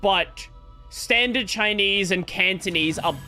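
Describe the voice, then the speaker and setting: A man's voice: high-pitched, slow, sharp tone. A man chatting casually on a gaming live stream. He thinks aloud and rambles, restarting his sentences, with faint game music behind him.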